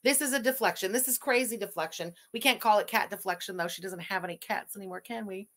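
A woman's voice: mid-range voice, fast, fairly bright tone. A woman hosting a livestream, giving blunt, sarcastic commentary and thanking viewers. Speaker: livestream host.

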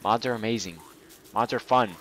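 A young man giving goofy, excitable let's play commentary while playing a game. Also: lowish voice, moderate pace, a little hiss or hum. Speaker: gameplay commentator.

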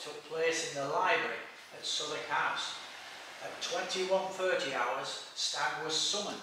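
A man's voice: fairly high pitch, bright, forceful tone, distant mic, a little hiss or hum. Man lecturing in a very echoey room. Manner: reads steadily from notes with small stumbles. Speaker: speaker giving a history talk. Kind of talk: read-aloud history lecture.

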